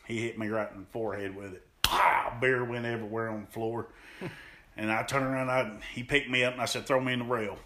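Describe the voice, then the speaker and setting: A man's voice: fairly low pitch, fast talker. A man, a pro wrestler, animatedly telling stories as a podcast guest and acting out what people said. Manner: animated, acts out quotes, laughs often. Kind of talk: storytelling in an interview.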